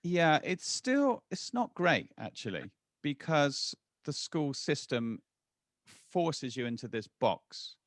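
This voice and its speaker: Animated man in his forties. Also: on the high side, takes it slowly, no echo, studio quality. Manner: animated, restarts often. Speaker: guest. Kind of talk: casual interview chat.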